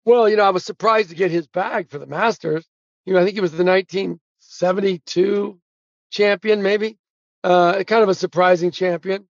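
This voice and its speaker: A man's voice: sits high, normal speed, vocal fry, no echo, lo-fi sound. A man telling funny anecdotes as an interview guest, acting out other people's lines and laughing at his own punchlines. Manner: animated storyteller who acts out quotes and laughs at his own punchlines. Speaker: guest, sportswriter and author. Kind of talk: casual storytelling interview.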